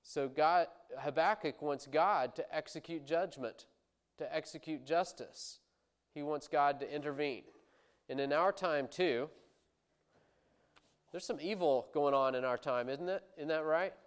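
A man's voice: a little high, a little slow, clear, resonant tone. A man preaching a Bible teaching sermon in an earnest, emphatic way, often repeating words and restarting phrases.

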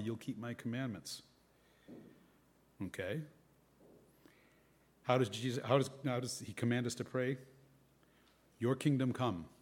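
Male preacher, mid-pitched, conversational sermon delivery, reads and reflects on scripture. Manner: conversational, reads scripture aloud with varied emphasis.

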